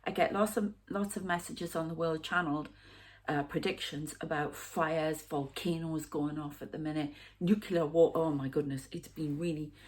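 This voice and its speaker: A woman in her fifties, a psychic medium talking through a rambling, halting spiritual vlog monologue with hushed asides. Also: deep voice, fairly even intonation. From United Kingdom. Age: 50s.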